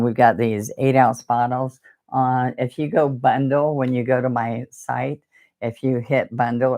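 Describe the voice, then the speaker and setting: A woman's voice: extremely low pitch, creaky, dark tone. A woman teaching a live painting lesson, chatting and wandering off topic as she demonstrates each brushstroke. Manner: chatty, digressive, talks while demonstrating.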